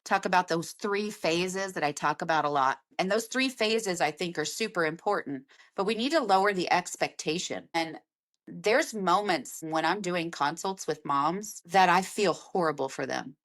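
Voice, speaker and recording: A woman's voice: on the low side, moderate pace, a bit bright. Earnest woman podcast host, emphatic. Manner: earnest, emphatic, repeats key phrases. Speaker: lactation consultant and podcast host. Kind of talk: casual podcast monologue.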